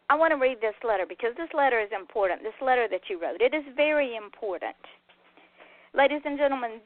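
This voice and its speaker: A woman radio host giving an earnest, emphatic on-air monologue and speaking straight to her listeners. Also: on the high side. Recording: dry phone-like line.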